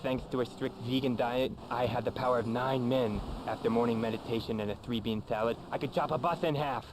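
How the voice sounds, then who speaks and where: A man's voice: medium pitch, steady tone, fairly quick, lightly acted. An actor playing a pompous, self-serious male martial arts guru as a radio show guest, lecturing in a lofty, earnest way. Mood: boastful. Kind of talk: comedic radio talk show acting. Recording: game radio audio under road noise.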